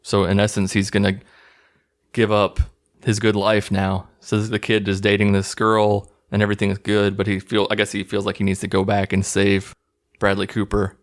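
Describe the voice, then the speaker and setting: A man's voice: fairly low pitch, monotone, normal speed. A man hosting his own channel, casually recapping a movie in a rambling, profane, amused way. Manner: rambling, profane, laughing at scenes. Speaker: movie review host.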